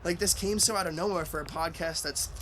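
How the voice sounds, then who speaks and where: A man's voice: fairly high pitch, a little fast, bright, forceful tone, slight background noise. A young man hosting a let's play, rambling and swearing in casual chat and laughing at his own jokes.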